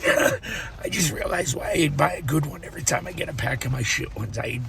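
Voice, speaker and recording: A man's voice: mid-range voice, expressive, moderate pace, creaky, noisy background. An older man rambling and swearing in a casual monologue, laughing to himself as he talks in his car. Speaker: vlogger.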